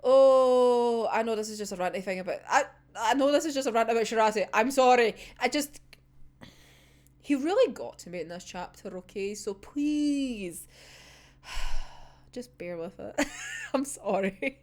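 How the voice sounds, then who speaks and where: High, lively young woman ranting. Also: a little slow. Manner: heated, sweary, laughs often. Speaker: manga reaction vlogger. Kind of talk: ranting chapter reaction.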